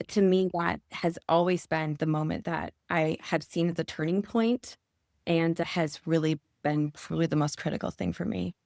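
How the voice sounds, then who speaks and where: Gravelly-voiced woman telling a personal story. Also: deep voice, darkish tone, no room sound, clean studio sound. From Michigan, USA. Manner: earnest, emotional storytelling. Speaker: podcast guest.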